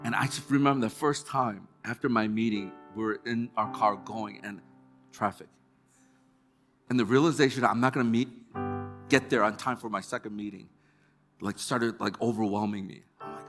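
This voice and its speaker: A man's voice: on the low side, moderate pace, fairly bright tone, soft background music. Conversational male pastor preaching. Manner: conversational storytelling with quoted asides. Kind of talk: sermon. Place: church hall.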